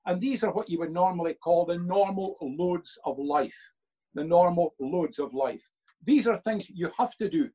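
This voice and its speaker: A man's voice: high voice, normal speed, mellow, slightly rough, poor audio. An older man, a father being interviewed by his son for a church video, telling earnest stories and quoting himself with emphasis.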